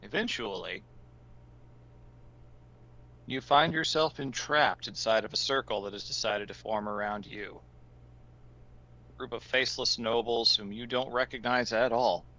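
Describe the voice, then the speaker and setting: Bright-voiced man narrating a tabletop game. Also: mid-range voice, measured pace, long pauses, low-quality recording. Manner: theatrical, descriptive narration. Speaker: game master.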